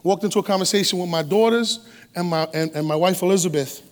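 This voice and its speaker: A middle-aged man preaching a sermon as a guest preacher, animated and streetwise, acting out quotes with humor. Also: sits high, quick pace, long reverb tail. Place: church sanctuary.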